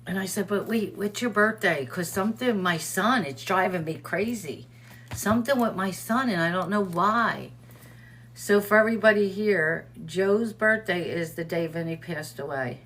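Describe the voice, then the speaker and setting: A middle-aged woman hosts a casual livestream chat show at a moderate pace, her medium-pitched voice fairly bright. She tells stories using quoted dialogue and answers chat viewers by name.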